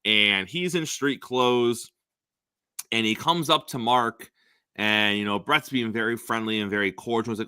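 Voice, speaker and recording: A man's voice: fairly low pitch, unhurried, bright, forceful tone, smooth, no room sound. A man co-hosting a sports podcast, chatting casually with many fillers and frequent laughs.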